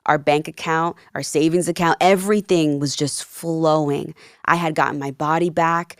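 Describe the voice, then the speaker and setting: A woman's voice: low voice, normal speed, no echo, clean studio sound. A woman from New Jersey with Peruvian roots, a life coach telling her story earnestly as a podcast guest. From New Jersey, of Peruvian family. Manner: earnest, animated retelling with quoted dialogue. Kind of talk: candid storytelling in a podcast interview.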